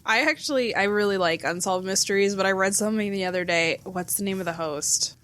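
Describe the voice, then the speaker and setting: Female co-host, blunt, casual, quick to laugh. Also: medium pitch, fairly bright tone. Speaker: podcast co-host. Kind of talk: casual chat.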